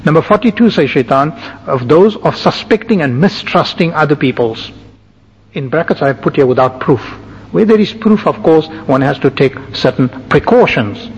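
A man giving a sermon, calmly listing and explaining numbered points to his listeners. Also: fairly high pitch, normal speed, husky. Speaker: religious teacher. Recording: dull, echoing hall recording.

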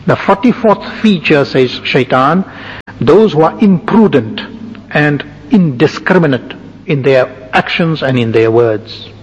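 Preaching as a religious teacher, a man with a husky, fairly high voice lectures methodically through his points, adding lists and frequent asides, and sounds animated. The audio is lo-fi, drenched in long hall reverb.

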